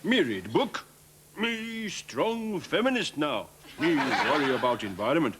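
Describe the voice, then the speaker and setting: An actor playing an earnest, politically correct Native American sidekick who speaks in clipped broken English. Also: male voice, a little high, sing-song, unhurried, very noisy. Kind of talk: sketch comedy acting.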